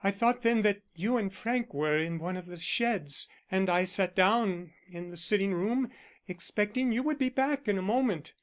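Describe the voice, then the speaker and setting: A man's voice: high voice, normal speed, voice pushed up, close to an everyday voice. A man voicing a stern young woman. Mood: recounting. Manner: firm, matter-of-fact. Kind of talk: audiobook character reading.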